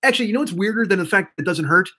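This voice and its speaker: A hoarse man in his fifties hosting a live stream, rambling and swearing excitably as he chats with viewers. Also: sits high, racing. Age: 50s. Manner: rambling, profane, excitable, talks to chat. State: hoarse throat. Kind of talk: casual live-stream chat.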